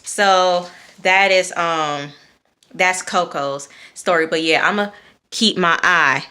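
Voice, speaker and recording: A young woman recapping a TV episode for her viewers in a chatty, animated way, full of fillers and blunt cursing. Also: on the low side, takes it slowly. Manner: many fillers, outbursts of cursing. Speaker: TV episode reviewer. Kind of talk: casual episode recap to camera.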